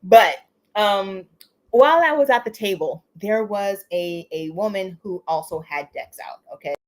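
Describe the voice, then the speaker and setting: A woman hosting a casual live stream, talking in an animated, chatty way, laughing often and tagging lines with "you know" and "okay?". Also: medium pitch, measured pace. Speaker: livestream host. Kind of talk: casual livestream chat.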